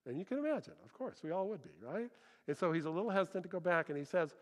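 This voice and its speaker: A man preaching a sermon as pastor, telling stories in an animated way and acting out the people he quotes. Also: sits high, very fast. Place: church hall. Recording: long hall reverb.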